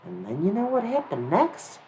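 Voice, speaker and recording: A woman telling a children's story in an animated way, often asking the listener what happened next. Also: mid-range voice, moderate pace, slight background noise, poor audio. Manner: animated, asks the listener questions.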